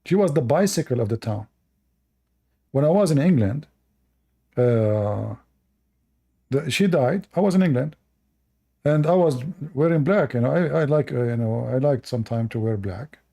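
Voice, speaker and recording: A man's voice: medium pitch, animated, normal speed, gravelly, pauses often, warm tone, husky. A man from the Middle East hosting casual commentary, rambling bluntly and crudely with many fillers and restarts. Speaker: host.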